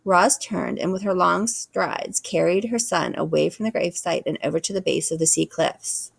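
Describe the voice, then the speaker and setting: A woman reading a children's book aloud with expressive storytelling. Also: fairly low pitch, normal speed, gravelly, few pauses, breathy edge, no room sound. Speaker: reader.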